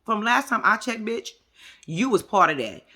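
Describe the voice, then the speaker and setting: A woman's voice: mid-range voice, very animated, moderate pace, bright, forceful tone, husky. A woman giving a blunt, profane reaction commentary on a reality show, talking straight to her viewers. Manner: addresses viewers directly.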